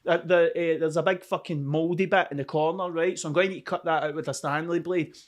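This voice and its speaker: A man's voice: a little high, fairly even intonation, quick pace. A Scottish man hosting a podcast, rambling through a casual, sweary, self-mocking monologue from a cold room at home. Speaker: podcast host. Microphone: camera mic.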